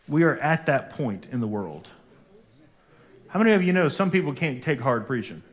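An emphatic pastor preaching to his congregation in a church. His voice sits at a middling pitch, and he calls out for the people to repeat lines after him. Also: very animated, moderate pace. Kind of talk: sermon. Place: church sanctuary.

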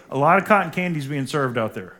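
A pastor's voice, on the high side and fairly bright, rises and falls expressively at a moderate pace. He preaches emphatically in a church sanctuary, prompting the congregation to repeat after him.

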